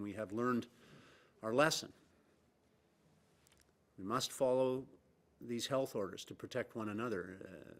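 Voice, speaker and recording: A middle-aged man with a fairly low voice delivers a formal press briefing statement as a provincial premier. He speaks in a measured way, leans on key words for emphasis and fills his pauses with "uh.". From Canada.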